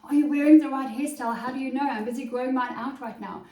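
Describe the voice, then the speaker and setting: A woman's voice: high voice, steady tone, fast, warm tone. Eager woman, roomy far-off sound. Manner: eager, chatty, talks straight to the viewer. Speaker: confidence coach. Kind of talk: casual fashion vlog. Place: her home closet.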